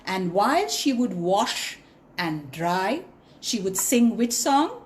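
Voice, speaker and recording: Expressive woman telling a children's story. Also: medium pitch, slow pace, slight background noise. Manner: expressive, sing-along, asks the children questions.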